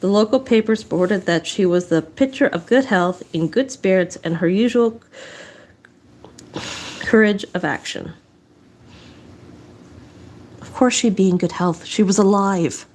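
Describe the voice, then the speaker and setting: A woman's voice: medium pitch, unhurried, pauses often, a little mellow. A woman reading local history aloud in a casual way, out of breath, stumbling and restarting, with dry asides. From southwest Nova Scotia. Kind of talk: casual read-aloud narration.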